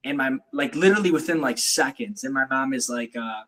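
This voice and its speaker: A man's voice: mid-range voice, quick pace, few pauses, fairly bright tone, poor audio. A man hosting a podcast, telling a personal story in casual chat with many fillers. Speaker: podcast host.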